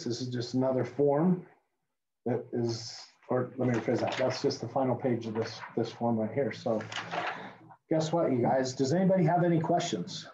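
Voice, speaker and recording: A middle-aged man leads a virtual class at a quick clip, moving steadily from one form to the next. His voice sits at an ordinary pitch. The call audio is a bit muffled and lo-fi. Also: a little hiss or hum. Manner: fast-talking, steady walk-through of forms. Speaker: real estate class instructor. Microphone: video call.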